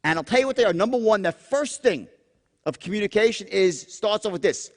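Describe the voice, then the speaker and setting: High-pitched, lively male sales trainer, profane, swings into whispers, reverberant hall. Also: brisk. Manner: animated, profane, acts out tones with sudden whispers. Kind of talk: live seminar talk. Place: large seminar room.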